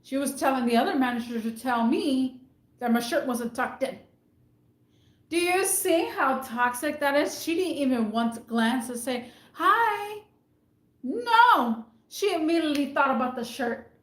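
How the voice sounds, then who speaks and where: A retail worker, her voice sitting high, vents at normal speed about her managers in a reverberant room. The casual rant is indignant and emphatic, with the same points hammered again and again.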